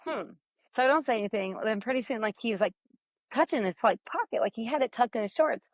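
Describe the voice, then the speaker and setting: A woman in her thirties with a fairly high voice tells funny stories as a podcast co-host, acting out the lines people said. The recording is dry and close. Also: animated, fast talker, no room sound. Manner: storytelling, acts out quotes. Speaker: podcast co-host, teacher, mother. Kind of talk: casual chat.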